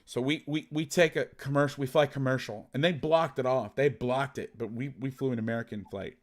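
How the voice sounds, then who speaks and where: A man hosting a football podcast, chatting casually and telling an animated, profane story. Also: medium pitch, brisk. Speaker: podcast host and football coach. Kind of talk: casual chat.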